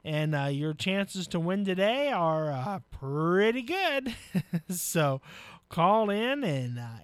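A man hosting a live local radio show, casual and folksy, chuckling, with filler pauses. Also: high voice, a bit bright, dry recording. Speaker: radio host. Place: radio studio.

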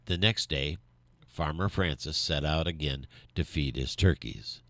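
A man reading a children's story aloud with animated, lively storytelling. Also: a bass voice, unhurried, dry recording.

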